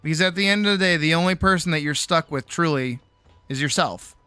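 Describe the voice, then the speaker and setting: A man's voice: fairly high pitch, fairly quick, bright, forceful tone, clean tone, no room sound, soft background music. A tired man streaming late at night from home on a desk mic, chatting casually, rambling, swearing freely and mocking himself. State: tired, sore jaw. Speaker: streamer and animator.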